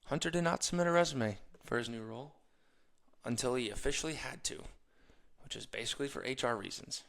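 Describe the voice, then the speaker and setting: A young man hosting a podcast, giving a casual motivational monologue, animated and ranting, mimicking other people in quick quoted asides. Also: medium pitch, creaky. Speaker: podcast host.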